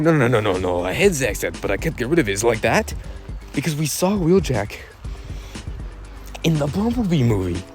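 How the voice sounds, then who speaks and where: A man's voice: medium pitch, big pitch swings, brisk, long pauses, darkish tone, soft background music. A man hosting a casual opinion vlog, rambling and correcting himself as he talks in a laid-back way. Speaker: YouTube channel host.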